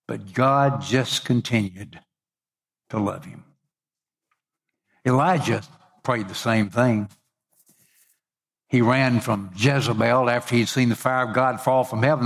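Guy preaching a sermon, middle pitch, gets really animated on the quotes. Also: gravelly, husky. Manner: expressive preaching, pitch and volume rising for quoted speech. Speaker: pastor.

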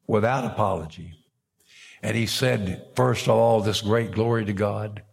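Gravelly older male preacher. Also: on the low side, fairly even intonation, a little slow. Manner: reads scripture aloud, breaks off for folksy asides. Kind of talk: sermon.

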